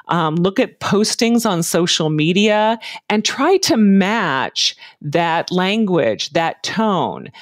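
A woman answering interview questions about job hunting in a measured, advising way, with frequent ums and uhs. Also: fairly low pitch, no echo, clean studio sound. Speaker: career and hiring advice guest.

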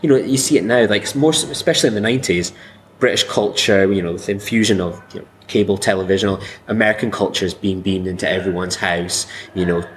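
Man from Scotland, lowish voice, rambling podcast chat, faint background noise. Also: fast, poor audio. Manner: rambling, lots of fillers. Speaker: podcast co-host.

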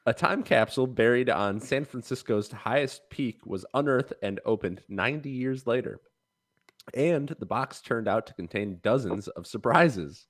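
Young male podcast co-host, mock anchor read, medium pitch. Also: lively intonation, moderate pace. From Midwest US. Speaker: podcast co-host reading joke news. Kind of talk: mock newscaster delivery.

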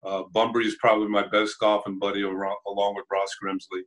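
An older man and former ballplayer, a guest in an interview, telling relaxed anecdotes with frequent chuckles and halting restarts. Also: fairly low pitch, rough recording.

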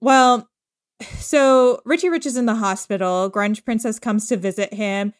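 A woman's voice: fairly high pitch, a little slow, clean tone. A woman co-hosting a podcast, casually recapping a drama's plot in a loose, rambling way. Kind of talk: casual chat.

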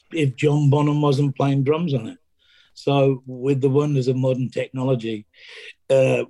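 Man in an interview, mellow voice. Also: mid-range voice. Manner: halting, many restarts and fillers, acts out quoted lines. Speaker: interview guest, drummer. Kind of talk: conversational storytelling.

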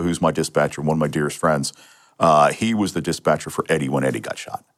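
A middle-aged man from Pennsylvania speaks in a notably low voice as an interview guest. He recounts his own experience in a matter-of-fact way. He often restarts his phrases and fills pauses with "um" and "uh". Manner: matter-of-fact storytelling with frequent restarts and fillers. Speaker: interview guest, retired police sergeant. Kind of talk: telling a personal story in a podcast interview.

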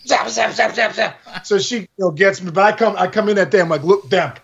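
A man in his forties hosting a podcast, telling a story in casual chat, excitable and exaggerating, laughing at his own tale. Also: high-pitched, brisk, gravelly, husky, lo-fi sound. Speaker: podcast host.

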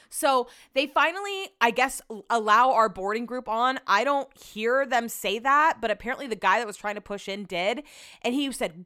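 A woman's voice: on the high side, fairly quick, a bit bright, smooth, dry recording, clean studio sound. A young adult woman hosting a podcast, casually retelling a travel story, chatty, with lots of "like" and casual swearing. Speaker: podcast host.

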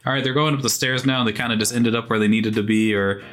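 A man's voice: mid-range voice, steady tone, quick pace, fairly bright tone, soft background music. A man co-hosting a casual gaming podcast, earnest and thoughtful, rambling with many fillers. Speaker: podcast co-host. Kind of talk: casual chat.

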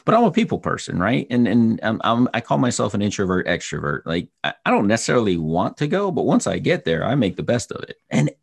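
A man hosting a podcast interview, telling stories in a casual, animated way and acting out the people in them. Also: fairly low pitch, quick pace, vocal fry, few pauses, breathy edge, no room sound. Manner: animated storyteller, acts out voices. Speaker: podcast host.

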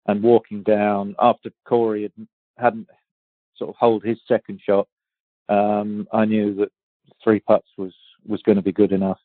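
A man in his fifties from England tells golf stories in a loose, rambling way, restarting sentences and laughing as he goes. His voice sits a little low. It comes through a tinny, phone-like line with a dry sound. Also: little pitch movement, moderate pace, pauses often, dry recording. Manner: rambling, many restarts and fillers, laughs easily. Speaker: guest golfer. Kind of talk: casual interview storytelling.

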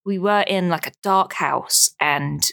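A woman co-hosting a podcast, chatting casually and telling stories in a giggly, animated way. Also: on the low side, unhurried, creaky. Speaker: podcast co-host. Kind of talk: casual chat.

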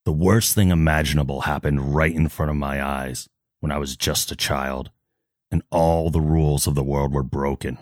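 A man voicing a grim, brooding male vigilante hero in a solemn, measured way. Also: very deep voice, steady tone, a little mellow, no room sound, studio quality. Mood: earnest.

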